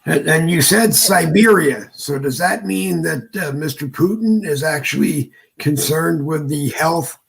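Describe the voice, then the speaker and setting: Gravelly, husky male show host. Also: a little high, measured pace, few pauses. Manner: wry, rambling asides. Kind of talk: casual joking chat.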